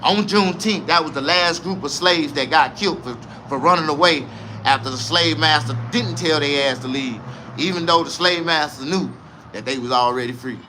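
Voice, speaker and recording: A man from the South, telling a comedic story in a casual, profane, animated way. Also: on the high side, normal speed, background noise. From American South.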